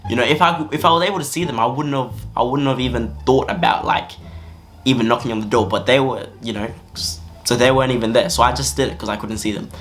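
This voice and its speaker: A young man telling a storytime vlog story in an animated, slangy way. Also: medium pitch. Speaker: vlogger. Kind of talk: storytime narration.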